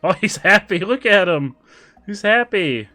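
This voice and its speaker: Excitable man streaming a game. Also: high voice, soft background music. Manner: excitable, quick asides, laughs easily. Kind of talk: casual gameplay chat with viewers.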